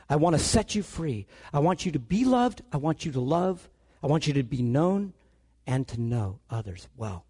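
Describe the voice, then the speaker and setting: A man preaching a sermon, telling stories with animated delivery and acting out the dialogue. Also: on the high side, breathy edge.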